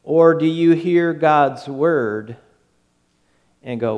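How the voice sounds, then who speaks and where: A pastor preaching a sermon, slow and emphatic, with quick acted-out asides. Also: male voice, fairly high pitch, darkish tone, in a large hall, muffled recording.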